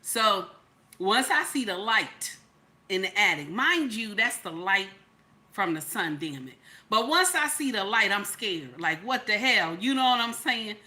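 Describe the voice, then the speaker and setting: A woman gives chatty reaction commentary on a vlog, animated and exclamatory and full of asides. Her voice is bright and sits in a mid pitch. She often jumps up high to mimic other people. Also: measured pace. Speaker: YouTube commentator.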